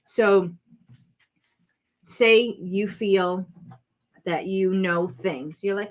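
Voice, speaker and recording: A woman's voice: mid-range voice, very slow, long pauses. A woman talks through a home crafting session in a loose, rambling way. She chats straight to her viewers and drifts off topic easily. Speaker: crafting vlog host. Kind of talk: casual chat while crafting.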